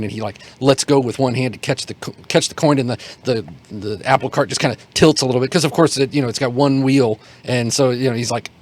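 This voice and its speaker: A man narrating as game master for a tabletop game, talking in a rambling way with many fillers and restarts. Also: mid-range voice.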